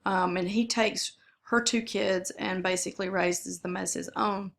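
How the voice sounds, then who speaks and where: A woman's voice: medium pitch, steady tone, measured pace, vocal fry. A woman teaching a history lesson in a casual, conversational way, with frequent fillers and self-corrections. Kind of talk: casual classroom lecture.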